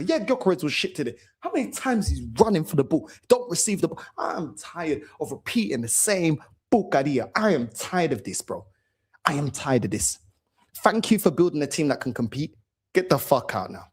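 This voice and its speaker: A fan-channel host goes on an angry rant to camera about his team, cursing and saying the same things over and over. His voice is on the high side, sing-song and fairly quick, with a breathy edge.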